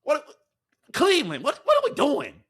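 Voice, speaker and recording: A man's voice: very high-pitched, huge pitch swings, moderate pace, fairly bright tone. A man hosting a fan sports commentary show, ranting heatedly with profanity and rhetorical questions. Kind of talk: fan reaction rant.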